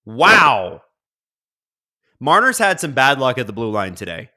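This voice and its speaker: Bright-voiced man reacting live to hockey. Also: medium pitch, a little fast. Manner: excitable, swings from mumbled asides to loud outbursts. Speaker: live-stream watch-along host. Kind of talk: live game reaction and chat reading.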